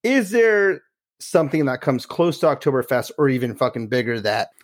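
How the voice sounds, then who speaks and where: A man's voice: mid-range voice, sing-song, moderate pace. A man hosting a casual chat, laid-back and swearing freely as he asks questions.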